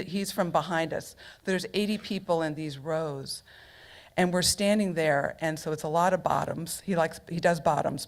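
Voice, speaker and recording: Chatty middle-aged woman telling a story. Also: low-pitched. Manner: humorous, chatty, with many asides. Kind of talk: live personal storytelling. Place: stage at a local storytelling event.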